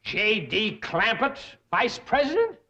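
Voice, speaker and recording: An actor playing a suspicious rival banker with a dry, sarcastic manner. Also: male voice, sits high, sing-song, slow pace, pushed and bright, full character voice. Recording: dull old TV audio with hiss.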